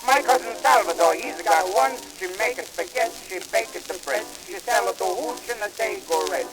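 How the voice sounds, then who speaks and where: A man singing as a boastful Italian immigrant in a put-on mock Italian accent, with rapid broken-English patter in a 1920s comic novelty song. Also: sits high, lightly acted, low-quality recording. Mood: comic boasting.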